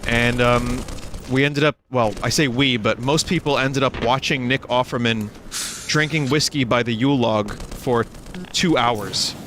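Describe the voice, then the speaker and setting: A man's voice: medium pitch, measured pace, fairly bright tone, slight background noise. Rambling joking male streamer. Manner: rambling, joking, self-interrupting. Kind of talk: casual gaming livestream chat. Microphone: desk microphone.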